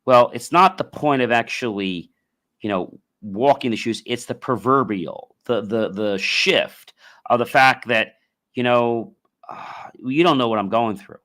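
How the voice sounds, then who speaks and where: A man hosting a podcast interview, talking in a loose, expressive way. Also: medium pitch, measured pace. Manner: expressive, acts out imagined voices. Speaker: podcast host. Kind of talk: casual interview chat.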